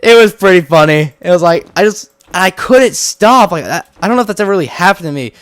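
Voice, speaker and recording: A young man with a high voice talks fast while hosting a Minecraft let's-play, rambling excitably, joking, and mocking himself. He sounds a little congested from a cold, and the studio-quality recording has no room sound.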